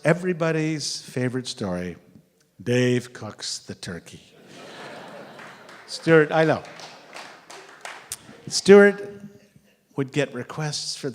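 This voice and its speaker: A man tells stories in a lively, animated way, jumping into the voices of the people he describes. His pitch swoops widely between phrases. A long hall reverb trails after every line. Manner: animated, acts out quotes, laughs often. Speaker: storyteller sharing memories. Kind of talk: anecdotal storytelling.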